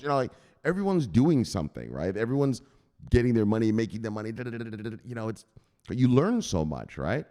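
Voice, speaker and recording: A man's voice: medium pitch, a little fast. A man hosting a crypto news show, ranting in a casual, profane way on a livestream. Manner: profane and animated. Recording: roomy reverb.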